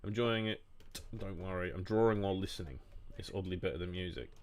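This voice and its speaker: A young man streaming a game, rambling and joking casually while answering chat in a flat, monotone way. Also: fast talker, no echo. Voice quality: low monotone voice. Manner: rambling, jokey, reacting to chat.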